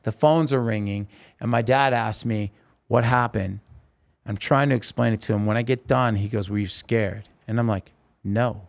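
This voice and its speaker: A man telling his own story in a podcast interview, earnest and halting, with many restarts. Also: medium pitch, creaky.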